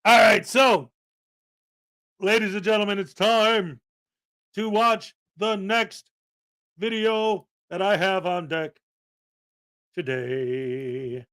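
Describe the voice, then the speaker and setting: A man with a fairly high, bright voice hosts a casual livestream, joking and calling out loudly. He takes an unhurried pace and is playful throughout. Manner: loud, playful, jokey, often shouting. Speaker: show host.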